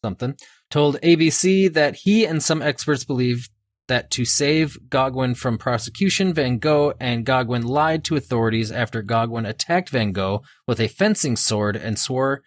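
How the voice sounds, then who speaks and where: A man's voice: mid-range voice, moderate pace, dry recording. Easygoing male podcast co-host. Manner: easygoing, storytelling, laughs often. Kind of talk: casual chat.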